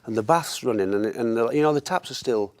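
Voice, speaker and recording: A man telling an anecdote in casual conversation as a guest, a lively storyteller who laughs often. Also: medium pitch, fairly quick. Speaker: former footballer, guest.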